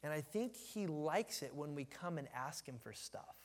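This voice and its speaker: A man's voice: fairly high pitch, lively intonation, moderate pace, long reverb tail. A man preaching a casual, folksy sermon, joking with the room and often restarting his sentences. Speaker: pastor. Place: church sanctuary.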